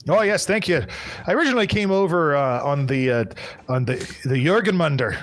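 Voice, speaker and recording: A man voicing a jovial, barrel-chested male skeleton bartender who talks in old pirate dialect, a bit higher than his own voice. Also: expressive, a little fast, close to an everyday voice.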